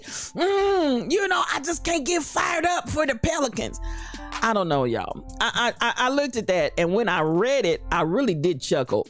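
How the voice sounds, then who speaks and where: Playful woman chatting with her audience. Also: high-pitched. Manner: playful, musing, reads chat names aloud. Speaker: host. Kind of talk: casual live-stream chat.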